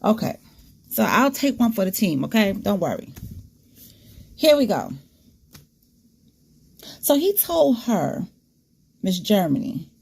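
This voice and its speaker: Woman host, gravelly tone, frank casual commentary to her audience. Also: medium pitch, sing-song, slow, long pauses, darkish tone. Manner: candid, disgusted asides, talks straight to viewers.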